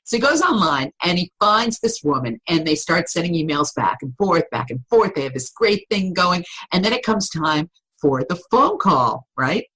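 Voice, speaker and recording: A middle-aged woman voice coach explaining vocal tips in a podcast interview, with an animated, instructive storytelling manner. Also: lowish voice, normal speed, breathy edge, poor audio.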